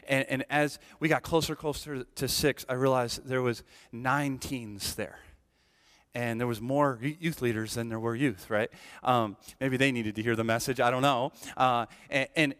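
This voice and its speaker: This man's mid-range voice is smooth with a slight brightness. He's a senior pastor of about forty delivering an earnest sermon, frequently checking in with "right?" and prone to restarts and repeated words.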